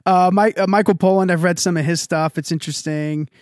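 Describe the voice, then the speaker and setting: A man's voice: high-pitched, fairly even intonation, brisk, dry recording, studio quality. A man co-hosting a podcast, chatting casually and telling stories that wander, with lots of filler words. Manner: rambling, filler-heavy storytelling with lots of "like". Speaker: podcast co-host. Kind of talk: casual chat.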